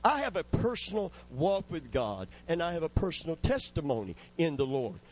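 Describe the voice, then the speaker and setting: A man's voice: on the high side, big pitch swings, moderate pace, low-quality recording. A man preaching a sermon with fervent, call-and-response delivery, often calling for amens.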